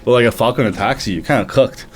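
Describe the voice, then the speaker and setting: A man's voice: medium pitch, fast. A man reviewing comics, reading aloud live and reacting with casual, laughing asides. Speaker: manga reviewer.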